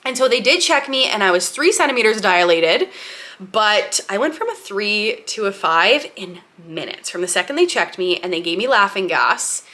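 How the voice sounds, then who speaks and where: A young woman speaks to camera in a bright, ringing voice, her tone crisp and forward. She tells her story casually and candidly, laughing often and acting out what people said along the way. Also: medium pitch, normal speed. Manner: chatty and candid, laughing often, with lively acted-out quotes. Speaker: lifestyle vlogger.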